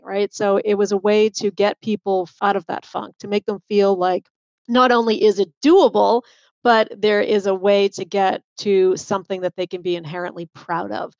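A woman's voice: medium pitch, moderate pace, dry recording, muffled recording. A woman author with a faint Boston accent, talking animatedly with lots of fillers in a podcast interview. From Boston area. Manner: animated, chatty, many fillers. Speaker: author and guest.

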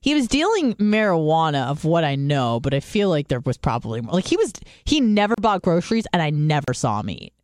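A woman's voice: deep voice, very animated, a little fast, few pauses, a little mellow, no echo, studio quality. A young American woman from San Diego, a podcast host telling stories in casual chat, swearing often and mimicking other people's voices. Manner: chatty storytelling, swears a lot, mimics voices.

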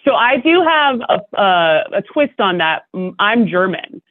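Young woman guest, animated storyteller who laughs a lot, tinny phone-quality audio. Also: mid-range voice, measured pace, no echo. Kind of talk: casual podcast chat. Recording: dry, tinny phone-like line.

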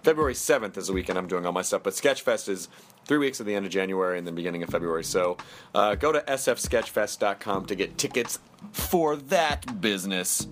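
A man's voice: fairly low pitch, slight background noise. A man hosting a podcast, chatting casually and jokily and reading ads with silly bursts. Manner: jokey, animated, quick bursts of silliness. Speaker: podcast host. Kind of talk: casual podcast chat and ad reads.

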